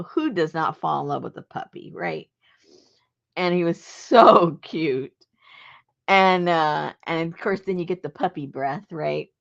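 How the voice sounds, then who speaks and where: A woman's voice: medium pitch, a bit bright. A woman host telling a personal story in a chatty, rambling way, laughing often. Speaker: journaling channel host. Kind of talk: casual storytelling. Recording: dull lo-fi recording.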